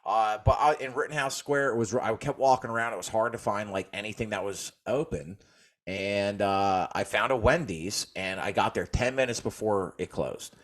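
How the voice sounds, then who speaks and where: A man's voice: lowish voice, moderate pace. A man, co-hosting a podcast and telling a rambling, profane story in casual chat. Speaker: podcast co-host.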